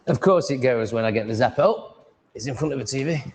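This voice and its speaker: A man's voice: mid-range voice, fast, a little mellow, slight background noise. A man chatting casually on a live stream, mumbling and rambling, swearing freely and reading chat aloud.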